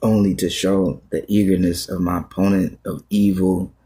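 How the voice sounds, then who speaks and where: A man with a very low, husky voice speaks as a pastor to his livestream viewers. His talk is a raw, halting confession that circles back on itself with repeated phrases. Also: steady tone, warm tone.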